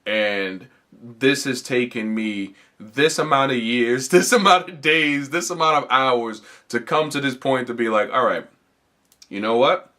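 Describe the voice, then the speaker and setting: A man with a bright, forceful voice at a middle pitch hosts a comedy podcast. He rambles through a casual, profane story, restarting sentences and piling on fillers. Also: measured pace. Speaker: podcast host.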